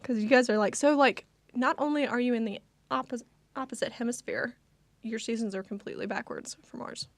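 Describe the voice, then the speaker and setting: A woman's voice: a little high, fairly quick, no echo. A young woman, co-hosting a casual chat and talking with lots of fillers. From United States. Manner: chatty, lots of fillers and laughter. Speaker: co-host.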